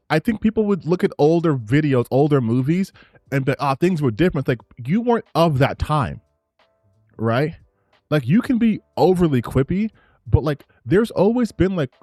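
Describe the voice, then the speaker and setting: A man giving casual commentary on gaming clips, ranting in an excited, rambling way with frequent restarts. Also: a little high, no room sound, studio quality.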